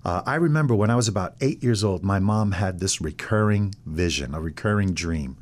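Animated middle-aged pastor telling his story. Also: deep voice, brisk. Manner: animated storyteller acting out voices. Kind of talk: testimony in an interview.

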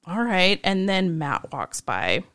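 A woman's voice: lowish voice, slow pace, no echo, clean studio sound. Chatty woman recapping a movie scene. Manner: animated retelling with quoted dialogue. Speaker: podcast co-host. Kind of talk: casual chat recapping a movie.

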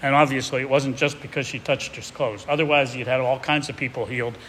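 A male pastor talks through a sermon in a conversational, reflective way, restarting his sentences now and then. His mid-pitched voice carries a long reverb tail from a large hall, with a faint hiss behind it. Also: fairly even intonation, a little fast, fairly bright tone. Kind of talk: expository sermon with a read-aloud excerpt.

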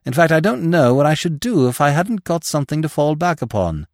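A man's voice: fairly high pitch, very animated, fairly quick, darkish tone, no room sound. A man playing a reserved young ex-soldier who answers in a dry, courteous, understated way. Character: polite, reserved young ex-soldier, a bit stiff.

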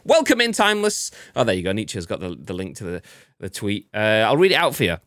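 A man hosting a podcast, his pitch swinging up and down as he jokes his way through the news. He swears freely and sounds dry and close to the mic. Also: wildly swooping pitch, brisk, a bit bright, dry recording. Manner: joking, swears freely, reads news aloud. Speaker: podcast host. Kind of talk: casual podcast chat.

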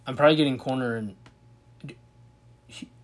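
A man's voice: mid-range voice, moderate pace. A man hosting a casual sports video, commenting on a football draft, thinking aloud and reacting with disbelief.

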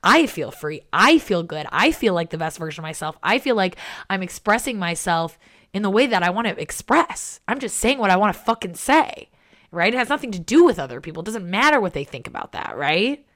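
A woman's voice: medium pitch, very animated, a little fast, fairly bright tone. A young woman hosting a podcast, telling a personal story in a frank, emotional way with lots of swearing and fillers. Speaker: podcast host. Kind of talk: candid personal monologue.

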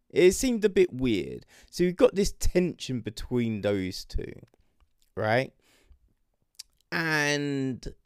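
A man's voice: on the high side, dry recording, studio quality. A man with a British accent giving a casual, sarcastic rant about a TV show, swearing freely. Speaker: TV show reviewer. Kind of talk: casual ranting commentary.

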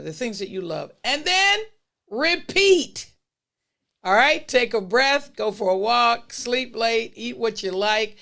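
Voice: medium pitch, gravelly. A podcast host giving listeners an encouraging holiday message, laid out as numbered points and repeating key phrases for emphasis. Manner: steady, unhurried delivery with list-style points.

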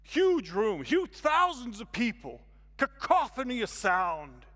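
A high-voiced man tells a sermon as a vivid story, jumping from quiet asides to shouted excitement. His voice carries a long reverb from a large hall. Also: takes it slowly. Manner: animated, acts out scenes with sudden loud bursts. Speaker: guest speaker.

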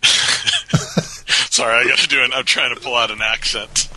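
A man's voice: mid-range voice, steady tone, unhurried, long pauses, sharp tone, poor audio. A man co-hosting a movie review podcast, chatting casually and laughing a lot. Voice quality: laughs often, jokey. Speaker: podcast co-host. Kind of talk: casual chat.

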